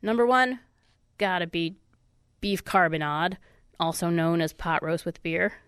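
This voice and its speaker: A woman's voice: on the low side, a little slow, fairly bright tone, clear, resonant tone, dry recording, clean studio sound. A woman hosting a radio food show, chatty and upbeat, with a stuffy nose. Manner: chatty, upbeat, self-deprecating. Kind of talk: casual radio food segment. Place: radio studio. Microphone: studio microphone.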